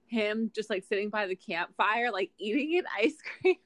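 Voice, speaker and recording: A woman's voice: medium pitch, moderate pace, no echo. A young woman in her twenties co-hosting a casual chat podcast, telling stories with lots of laughs and swearing. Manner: laughing, swearing, animated storytelling. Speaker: podcast co-host.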